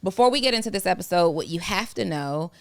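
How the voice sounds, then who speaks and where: Woman, podcast host, casual and upbeat, lots of ums, smooth tone, dry studio mic. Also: on the low side, animated, quick pace, dry recording. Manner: bubbly, laughs often, many fillers. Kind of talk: casual interview chat. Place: studio set.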